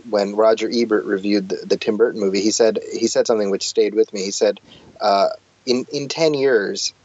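A man's voice: lowish voice, no room sound. A middle-aged man chatting animatedly about movies, restarting his sentences often. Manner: talkative, animated, frequent restarts. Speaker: podcast guest. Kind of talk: casual chat about movies. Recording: dull, dry lo-fi sound.

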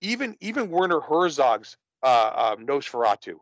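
A man's voice: a little high, very animated, normal speed, no echo, dull audio. A man talking casually about horror films, rambling with many restarts. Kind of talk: casual movie discussion.

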